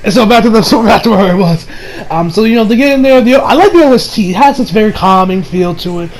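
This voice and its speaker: High-pitched guy doing a loose anime episode review, keeps laughing and restarting sentences. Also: expressive, fast talker, a little hiss or hum, rough recording. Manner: rambling, laughs often, many restarts.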